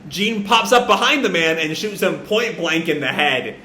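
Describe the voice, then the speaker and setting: A man's voice: fairly high pitch, animated, moderate pace, sharp tone, roomy sound, slight background noise. A man casually recapping a comic chapter as a reaction host, rambling with lots of fillers and the odd swear word.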